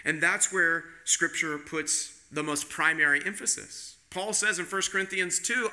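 A man's voice: high voice, normal speed, few pauses, bright, forceful tone. A man preaching a sermon, earnest, with rhetorical questions and frequent restarts. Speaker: pastor.

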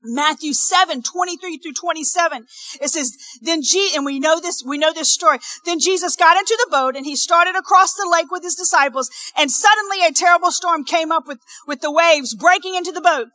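Woman preacher, sermon, bright tone, dry recording, acts out quoted voices. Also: very high voice, a little fast, no room sound. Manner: swings between shouted declarations and soft conversational asides.

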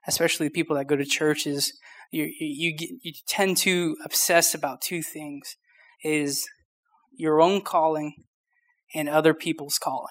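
A man's voice: a little high, fairly bright tone. A young man in his twenties preaching a casual youth sermon, short of breath, with many restarts and fillers. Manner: informal, rambling, many restarts. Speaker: youth pastor.

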